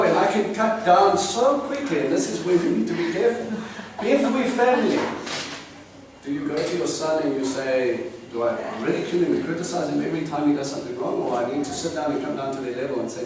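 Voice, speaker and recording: A man giving an earnest, animated bible teaching to a congregation and asking them questions. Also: a little high, quick pace. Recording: echoey room from a distant mic, noisy.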